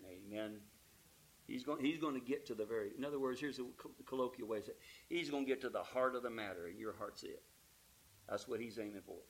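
A man preaching a sermon, emphatic, asking the congregation rhetorical questions and calling for amens, dropping from loud peaks to quiet asides. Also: mid-range voice, rough recording.

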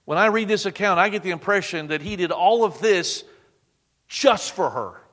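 High-voiced preacher in a reverberant hall. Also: male voice, expressive, normal speed. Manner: dramatic, drops to a hush on quotes. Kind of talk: sermon.

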